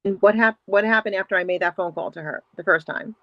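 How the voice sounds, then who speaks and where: A woman hosting an interview show, asking questions in a drawn-out way with fillers. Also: medium pitch, dry recording. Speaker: show host. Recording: dry, dull lo-fi audio.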